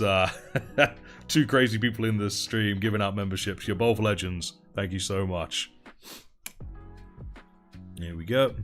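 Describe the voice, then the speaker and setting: A man's voice: fairly low pitch, fairly bright tone. A man hosting a casual livestream, chatting and thanking viewers while he paints miniatures. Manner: chatty, reads out and thanks chat while painting, laughs often. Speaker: livestream host.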